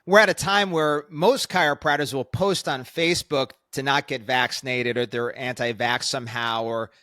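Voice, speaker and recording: A man's voice: medium pitch, fairly even intonation, normal speed, bright, forceful tone, no room sound, clean studio sound. A man hosting a podcast interview, speaking emphatically in a motivational way to fellow professionals. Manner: emphatic, motivational, preaching to peers. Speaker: guest host.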